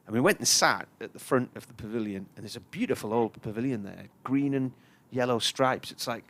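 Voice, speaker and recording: A man's voice: medium pitch, lively intonation, a little fast, fairly bright tone. A man, commentating on live cricket and telling a long, chatty anecdote. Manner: chatty storyteller, puts on voices for characters in his tales.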